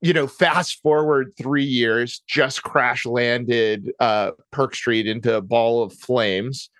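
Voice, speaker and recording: Guy on a podcast telling a story, middle pitch, dry close sound. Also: steady tone, takes it slowly, a bit bright, no echo. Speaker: podcast co-host. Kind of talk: casual conversation on a podcast.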